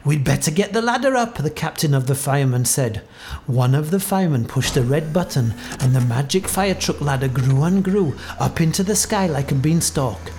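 A woman reading a children's story aloud with expressive delivery. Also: low voice, normal speed, slight background noise.

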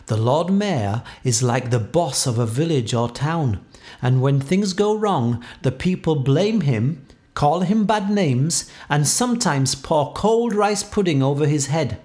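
A man reads a children's storybook aloud in a playful, expressive way. His voice sits a touch high, and he swings his pitch up and down to bring the scenes to life. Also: a little slow. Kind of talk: storybook read-aloud narration.

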